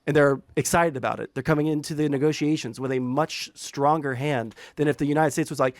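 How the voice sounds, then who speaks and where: Man debater, rambling and profane, higher-pitched voice, dry mic. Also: steady tone, no echo. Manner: rambling, profane, fast bursts. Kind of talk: heated political debate.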